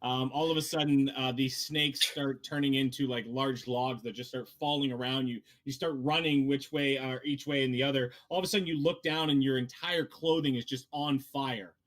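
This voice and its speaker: A man's voice: medium pitch, fairly even intonation, moderate pace, hardly any pauses, fairly bright tone. A man narrating as dungeon master in a casual tabletop game session, with many fillers and restarts.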